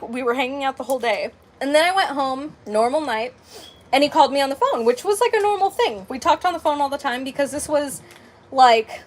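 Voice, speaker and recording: A woman in her late twenties telling a personal story in casual, rambling chat, full of "like" and "um". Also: sits high. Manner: rambling, heavy on "like" and "um", with animated quoted dialogue. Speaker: crafting channel host.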